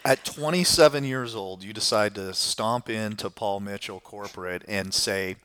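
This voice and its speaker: A male interviewer with a slightly low voice leads the conversation. He recaps what his guest has said and nudges him with open questions. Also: normal speed, a bit bright. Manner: encouraging, sums up and prompts the guest.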